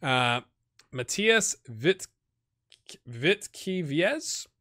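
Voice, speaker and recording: A man's voice: on the high side, very animated, drawn-out words, a bit bright. A man with a cold giving casual let's play commentary on a football management game, chatting and thinking aloud with wry asides. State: has a cold.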